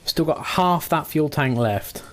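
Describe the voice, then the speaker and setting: A relaxed man casually commentating his own space game, chatty with mild swearing, into a desk mic at his computer. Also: a little high, slow. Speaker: gaming channel host.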